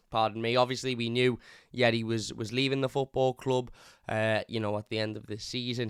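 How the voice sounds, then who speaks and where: A man's voice: medium pitch, a bit bright, smooth, dry recording, studio quality. A man hosting a fan channel, giving casual, opinionated football talk in a conversational way, often repeating words as he thinks.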